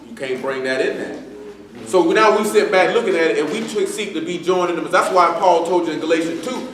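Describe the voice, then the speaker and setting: High-voiced slangy preacher in echoey hall. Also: male voice, a little fast, fairly bright tone, distant mic, slight background noise. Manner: loose street slang, joking, quoting others. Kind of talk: sermon. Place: church assembly hall.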